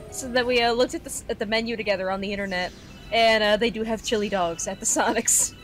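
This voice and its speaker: A woman's voice: a little high, steady tone, fast, soft background music. A young woman co-hosting a gaming stream, chatting casually with many ums and likes. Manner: filler-heavy, giggly, reads chat aloud. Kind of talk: casual chat while gaming.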